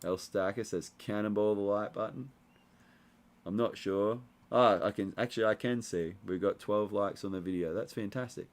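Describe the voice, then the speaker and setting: A man's voice: on the low side, moderate pace. A young man, hosting a casual livestream and chatting loosely with lots of fillers. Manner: relaxed, rambling, many fillers. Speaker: livestream host reading chat. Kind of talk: casual live chat.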